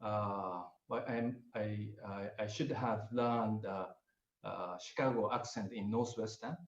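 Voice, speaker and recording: An older man with a Japanese accent, speaking English as a second language, gives a webinar lecture with frequent pauses and fillers. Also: on the low side, fairly even intonation. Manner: hesitant, many pauses and fillers. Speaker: guest lecturer. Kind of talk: webinar presentation. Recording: roomy, slightly muffled audio.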